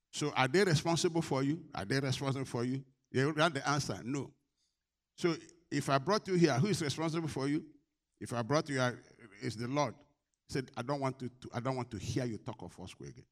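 A middle-aged male pastor preaching a sermon, leading the congregation in call-and-response and swinging between soft, low asides and loud exhortations.

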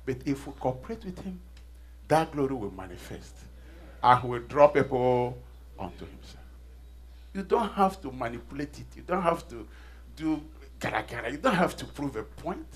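A man's voice: medium pitch, big pitch swings, normal speed, slightly rough. A middle-aged man preaching a sermon, leading call-and-response and repeating phrases with rising intensity. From Nigeria. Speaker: pastor.

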